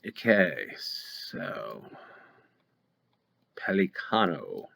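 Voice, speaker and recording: Running a play-along geography game, an American host mulls over every guess out loud with uncertain ums. He has a bass voice that's creaky and a bit bright, very animated yet very slow.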